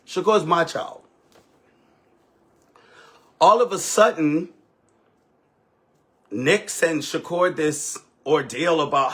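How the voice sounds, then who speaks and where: Animated husky-voiced man telling a story. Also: a little high. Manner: dramatic, profane, swings between loud outbursts and hushed asides. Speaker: livestream host telling a story.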